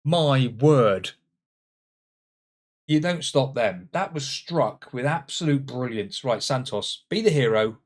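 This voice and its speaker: A man narrates his football management game in let's-play style. His pitch leaps around as he exclaims at each moment, then drops into low muttered asides. Middle-pitched, lively, and chatty throughout. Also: takes it slowly. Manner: animated, exclaiming, swinging between shouts and muttered asides. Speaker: gaming channel host.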